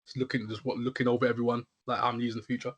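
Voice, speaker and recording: A man's voice: mid-range voice, level tone, racing, breathy edge, dull audio. A young man chatting casually, rambling with lots of filler words as he talks. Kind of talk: casual chat.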